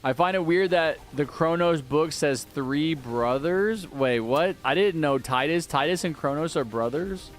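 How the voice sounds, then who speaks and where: A man's voice: fairly high pitch, measured pace, hardly any pauses. A man live-streaming a game, chatting casually and answering viewers' messages aloud.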